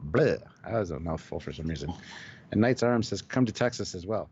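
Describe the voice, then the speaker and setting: A man's voice: low-pitched, lively intonation, a little fast, darkish tone, muffled recording, slight background noise. A man co-hosting a live stream, chatting casually, reading viewer comments aloud and laughing often. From Canada.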